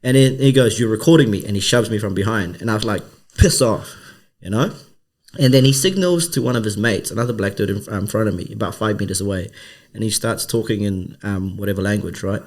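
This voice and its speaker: A man's voice: fairly low pitch, brisk. A man, a comedian and podcast co-host, telling a story in casual chat and acting out the other people's voices. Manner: animated storyteller who acts out the voices of others.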